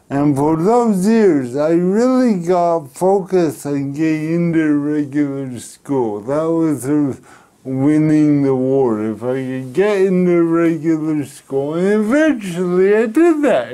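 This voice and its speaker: Middle-aged man, from Canada, slow deliberate storytelling, mellow low tone. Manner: slow, deliberate speech with pauses and restarts. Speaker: interviewee. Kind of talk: reflective storytelling.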